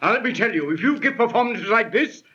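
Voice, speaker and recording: A cranky old-time theater boss, blustery, bright high voice, muffled 30s radio. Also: male voice, expressive, fast, husky, heavily acted. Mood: blustering. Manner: blustering, scolding. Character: gruff, impatient middle-aged male theater manager. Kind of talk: 1930s radio drama acting. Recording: muffled 1930s transcription disc.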